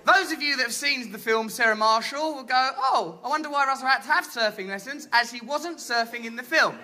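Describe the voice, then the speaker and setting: High-pitched english guy doing stand-up, flamboyant and theatrical, bit of background hiss. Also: animated, fairly quick, sharp tone. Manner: theatrical, flamboyant, mock-grandiose. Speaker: stand-up comedian. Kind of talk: stand-up comedy routine. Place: comedy stage before a live audience.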